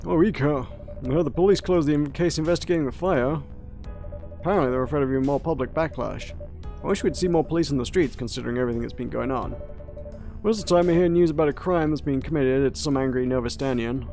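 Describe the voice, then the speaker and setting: A man's voice: mid-range voice, fast, dark tone, soft background music, close to an everyday voice. A man voicing a worried middle-aged shop owner and father in a video game, talking in a fretful, chatty way.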